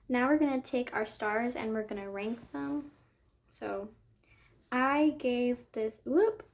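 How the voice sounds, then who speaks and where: Young female book vlogger, slightly high voice, gushing, rambling casual chat. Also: gravelly. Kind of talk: casual chat while making a digital journal.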